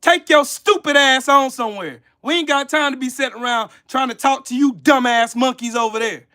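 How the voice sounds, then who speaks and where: A man's voice: very high-pitched, brisk, bright, forceful tone. A man hosting a livestream, ranting with heated profanity and scolding people in his chat. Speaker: channel host. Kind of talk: livestream commentary rant.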